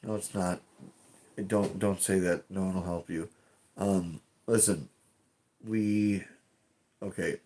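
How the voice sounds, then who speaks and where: A man's voice: low-pitched, steady tone, takes it slowly, pauses often, mellow. A man streaming from home, chatting casually and rambling, swearing often and restarting his sentences. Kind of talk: casual live-stream chat.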